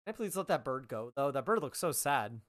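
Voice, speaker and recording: A man's voice: medium pitch, sing-song, a little fast, fairly bright tone. A man streaming a game live, playfully joking and bantering with the characters on screen and repeating lines for laughs. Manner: playful, jokey, talks back at the game characters; goofy, repeats lines for comic effect. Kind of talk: live gaming stream commentary.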